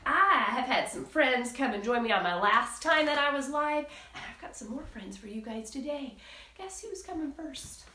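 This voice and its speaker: A woman's voice: sits high, expressive, normal speed, bright, forceful tone, distant mic, a little hiss or hum. A woman music teacher leading a live online lesson for young children, enthusiastic and sing-song. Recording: roomy echo with faint guitar.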